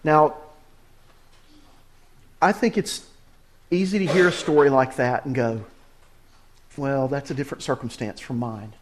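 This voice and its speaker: A male pastor preaching a sermon, reading quoted story passages aloud with lively emphasis and then addressing the congregation directly. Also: medium pitch, unhurried, long pauses, slight background noise.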